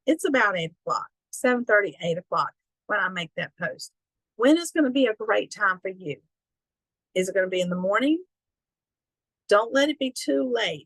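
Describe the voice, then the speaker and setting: A woman's voice: mid-range voice, a bit bright, dry recording, low-quality recording. Chatty Southern woman coaching. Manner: folksy, encouraging, chatty. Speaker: business trainer. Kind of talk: online training call.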